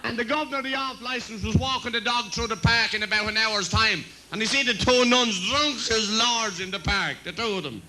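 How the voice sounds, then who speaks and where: A comedian rattles through bawdy jokes on a club stage and laughs at his own punchlines. His voice is high and bright, with a cheeky edge. A faint hiss sits behind him. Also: fairly quick, hardly any pauses, rough recording. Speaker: comedian and compere. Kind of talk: live bawdy stand-up jokes.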